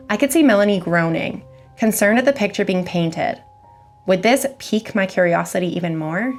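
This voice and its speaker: A woman reading a scary story aloud as its narrator, in a measured, even storytelling manner. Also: medium pitch, soft background music. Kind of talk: scripted horror story reading.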